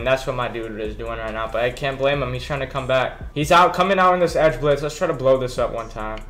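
A man's voice: fairly high pitch, a little fast, hardly any pauses, a bit bright. A young man giving casual, slangy commentary over his own football video game match, mostly talking to himself as he plays. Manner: laid-back, slangy, talks to himself while playing. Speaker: gaming YouTuber. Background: background beats.

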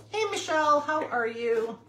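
A woman's voice: on the high side, fairly bright tone, a little hiss or hum. A woman in her fifties hosting a casual crafting livestream, chatting with viewers and calling to her puppy. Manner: chatty, reads viewer comments aloud, talks to her puppy.

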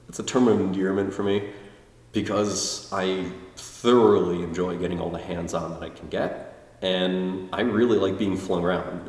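Low-voiced quiet man, chatty self-deprecating vlogger, distant mic with long reverb. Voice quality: quiet, introverted. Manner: rambling, self-deprecating, many restarts. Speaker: tai chi video blogger. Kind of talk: casual spoken review.

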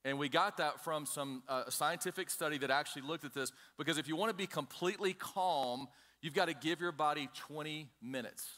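A man's voice: on the high side, fairly quick, pushed and bright. A man preaching a conversational sermon, emphatic and direct, often calling on the congregation to listen. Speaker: pastor.

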